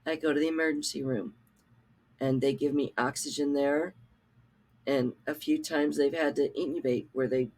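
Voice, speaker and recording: A woman's voice: deep voice, darkish tone. A woman hosting a reaction video at home, mocking and scolding another creator with scornful, angry commentary. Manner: scornful and mocking, laughing while eating.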